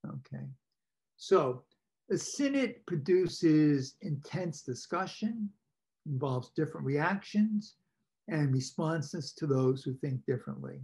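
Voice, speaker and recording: A man, a priest, leading a parish workshop with slides, talking informally with asides and questions to his listeners and clearing his throat now and then. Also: a little high, lively intonation, takes it slowly, darkish tone. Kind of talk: conversational teaching talk with slides. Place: parish meeting presenting slides.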